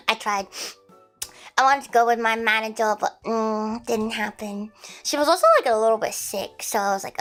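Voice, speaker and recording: A woman's voice: on the high side, lively intonation, moderate pace, a bit bright. An Australian woman chatting casually on a livestream, playful and prone to shrieking, giggly laughs.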